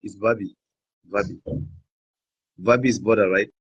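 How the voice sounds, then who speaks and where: A man from Cameroon talks in a husky, lowish voice, laughing often as he switches between French, English and pidgin. The sound is dry and close, with no room around it. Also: steady tone, moderate pace, a bit bright, no room sound, dull audio. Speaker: guest blogger. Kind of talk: casual interview chat.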